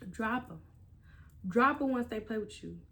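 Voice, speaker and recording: A woman's voice: fairly high pitch, measured pace. Emphatic, foul-mouthed woman vlogger. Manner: emphatic, swears freely, animated delivery. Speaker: vlogger giving relationship advice. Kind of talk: casual storytelling vlog.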